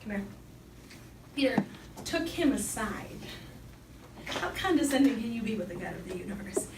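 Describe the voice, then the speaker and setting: A young woman giving an animated Bible talk as a youth speaker, storytelling with lively acted-out quotes. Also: on the high side, normal speed. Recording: echoey hall from far off with background noise.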